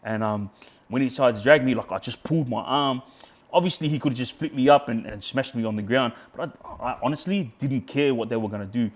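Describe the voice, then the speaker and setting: A man's voice: mid-range voice, fairly quick. An Australian man telling a heated personal story in casual chat, swearing often and peppering his talk with "yeah" and "bro". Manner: heated, swears a lot, re-enacts shouting in quotes; frequent fillers like yeah, bro, friggin'.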